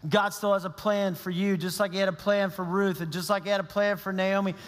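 High-voiced guy preaching, fired up, big reverb hall sound. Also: flat delivery, a little fast. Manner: impassioned, rising to emphatic declarations. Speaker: pastor. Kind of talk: sermon. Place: church.

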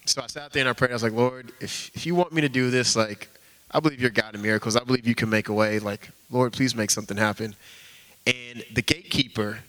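A man's voice: mid-range voice, steady tone, quick pace, fairly bright tone. A young man giving an earnest, informal testimony in church, peppering his talk with "like.". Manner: earnest, heavy use of "like" as filler.

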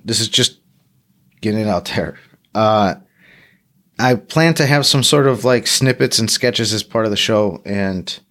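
A man with a fairly low voice hosts a solo podcast, talking off the cuff. He rambles, leans on fillers and restarts, and pokes fun at himself as he goes. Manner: rambling, casual, filler-heavy, self-deprecating. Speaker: podcast host.

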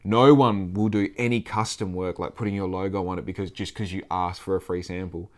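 A man's voice: deep voice, fairly even intonation, a little fast. A man with an Australian accent talking casually in a rambling monologue, swearing freely and acting out the people he quotes.

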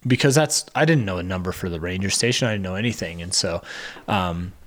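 A man's voice: sits low, a little fast. A man co-hosting a podcast, telling a hiking story in casual chat and acting out what people said. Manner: animated storytelling, acts out quotes. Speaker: podcast co-host.

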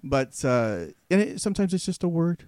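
A man's voice: fairly high pitch, very animated, moderate pace, a little mellow, clear, resonant tone, no echo, clean studio sound. A man who works as a voice actor, chatting casually as a podcast guest and telling stories with easy laughs.

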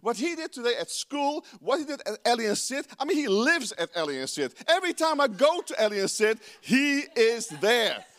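A man with a Dutch accent preaching a sermon, playful and animated, often laughing at himself. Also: very high-pitched, fairly quick, few pauses. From Netherlands.

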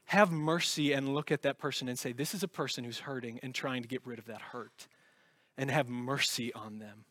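A pastor preaching a sermon with earnest conviction, moving from loud emphasis to hushed, intense passages. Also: male voice, a little high, dry recording.

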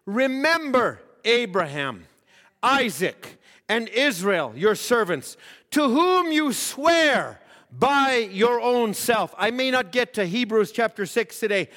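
High-voiced preacher with a long echo. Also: male voice, fairly bright tone. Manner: preaching with rising emphasis, voicing quoted prayers. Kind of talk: sermon.

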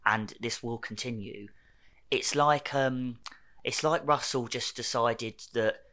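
Man, English accent, young adult, podcast co-host, casual chat, animated, bright tone. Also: mid-range voice, takes it slowly. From England. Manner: animated, jokey, trails off mid-sentence.

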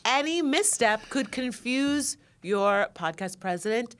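A woman co-hosting a podcast with a bright, forward voice pitched a little high. She chats casually and teases her co-host playfully, with laughter breaking in often. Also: expressive, unhurried, smooth.

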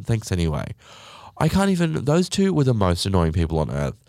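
A young man hosting a casual podcast in a sarcastic, exasperated rant full of swearing. His fairly low voice swings all over the place. The sound is dry and close. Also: wildly swooping pitch, brisk, a little mellow, no room sound. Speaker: podcast host.

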